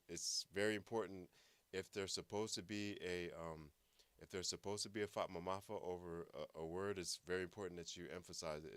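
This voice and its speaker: A man's voice: sits low, fairly bright tone, smooth, no room sound. A man teaching a language class, patiently explaining and repeating words for practice. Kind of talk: online language lesson.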